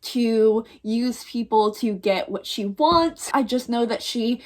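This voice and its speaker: A woman's voice: a little high, slow, a little mellow. A woman book vlogger talking casually to camera at home, gushing with enthusiasm. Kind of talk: casual vlog talk to camera.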